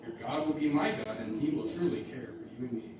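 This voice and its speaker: A man's voice: fairly high pitch, fast talker, background noise, pitched above the performer's own voice, lightly acted. Brief: man voicing earnest young widow, storybook rhyme; far mic, big reverb. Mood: devoted. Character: young devoted widow Ruth, earnest and resourceful. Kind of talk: rhyming storybook reading. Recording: echoey hall from far off.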